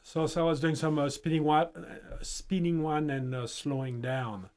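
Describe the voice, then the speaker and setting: A man's voice: fairly high pitch, steady tone, moderate pace, darkish tone. A man teaching music, explaining rhythm in short phrases and chanting rhythm syllables to demonstrate. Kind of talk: instructional explanation.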